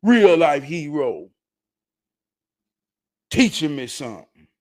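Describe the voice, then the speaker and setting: A man hosting his show, telling a story with animated delivery that swings from low mutters to loud excited shouts. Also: slow pace.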